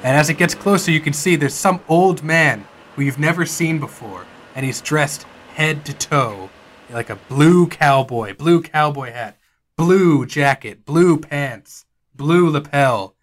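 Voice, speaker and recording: A man's voice: a little high, unhurried, few pauses, fairly bright tone, a little hiss or hum. A man narrating as game master in a tabletop game, hesitant, with many fillers.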